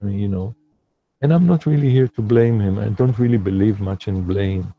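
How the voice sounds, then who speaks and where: A man talking as a meditation teacher in a slow, reflective livestream talk, pausing and restarting often. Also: on the low side, narrow, tinny audio, slight background noise. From lives in New York City.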